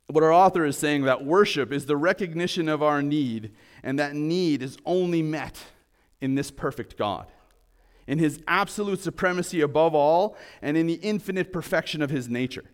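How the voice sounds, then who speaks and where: A man preaching a sermon, explaining a passage earnestly and conversationally with some restarts. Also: fairly high pitch. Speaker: pastor.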